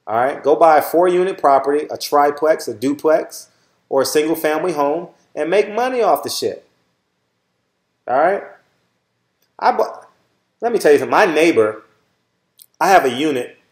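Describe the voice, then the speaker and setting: A middle-aged channel host with a Southern Californian accent bluntly lectures his viewers, swearing freely and saying "all right?" many times in a casual monologue. His voice is a little high and animated, with a moderate pace and long pauses. The room is echoey.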